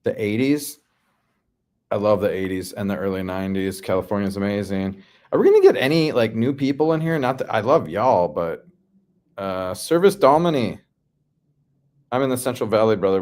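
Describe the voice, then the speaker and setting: Casual livestream host, man from the Midwest, lowish voice, slangy and relaxed. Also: smooth. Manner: laid-back, slangy, reads chat comments aloud. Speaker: livestream host answering chat.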